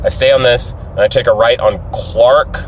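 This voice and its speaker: Man, casual driving vlog, swears a lot, animated storytelling, mid-pitched voice, faint road noise. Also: moderate pace. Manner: profane, animated storytelling, acts out other voices. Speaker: stand-up comedian vlogger. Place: in a car while driving.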